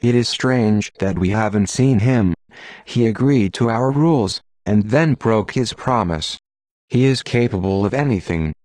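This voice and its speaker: A man's voice: fairly low pitch, a little slow, darkish tone, no echo, close to an everyday voice. A man voicing a proud, hostile young prince who talks scornfully and accuses, in an audiobook.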